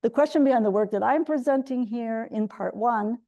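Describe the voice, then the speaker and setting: A woman's voice: a little high, brisk, dark tone, highs cut off. A woman giving an academic lecture as a guest speaker. She explains methodically and often restarts her phrases.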